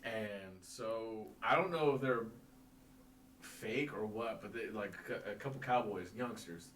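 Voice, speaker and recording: Lively, bright-voiced storytelling man. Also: fairly low pitch, a little slow, slight background noise. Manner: animated, laughs often, swears freely, acts out quotes. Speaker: podcast host telling a story. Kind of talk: casual storytelling chat.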